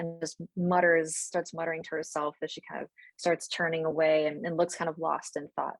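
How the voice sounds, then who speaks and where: A woman game master sets the scene at a tabletop game, relaxed and descriptive, her voice a little low. The sound is dry and close. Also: fairly quick, hardly any pauses, dry recording, low-quality recording.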